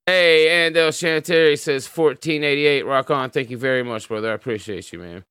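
A man's voice: mid-range voice, moderate pace, a bit bright, smooth, dry recording, studio quality. A man with an American accent hosting a livestream in casual chat, laid-back and swearing freely as he greets viewers. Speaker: livestream host.

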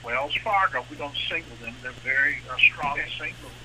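Man, impassioned talk-show host, high pitch, faint background hiss. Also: moderate pace, vocal fry, rough recording. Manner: impassioned, rising into animated outrage. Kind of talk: radio talk show discussion.

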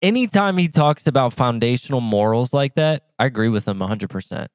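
A man's voice: mid-range voice, animated, a little fast, no room sound. A man co-hosting a podcast in casual chat, laid-back and blunt, with some swearing. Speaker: podcast co-host.

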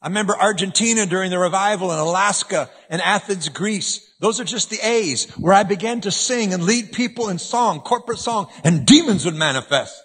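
A man preaching a sermon in a church, animated, swinging between loud emphasis and hushed asides. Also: sits high, a little fast, few pauses, breathy edge, in a large hall.

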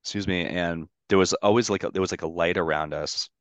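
A low-pitched man talks through a personal story in easy podcast chat, his voice smooth and resonant. He rambles with constant "like" fillers and speaks candidly, swearing now and then. The sound is close and dry. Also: steady tone, brisk, no room sound, dull audio. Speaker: podcast guest.

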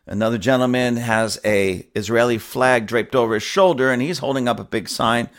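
A man's voice: mid-range voice, moderate pace, hardly any pauses. Emphatic man giving casual commentary. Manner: emphatic and repetitive, with scornful laughs. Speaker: church pastor giving commentary.

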